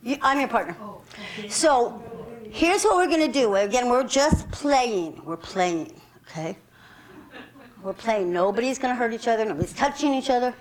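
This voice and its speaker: A woman with a high, light, expressive voice leads a self-defense class at normal speed, giving upbeat, directive instructions. She keeps things playful as she runs the group through the exercise, though the recording is rough.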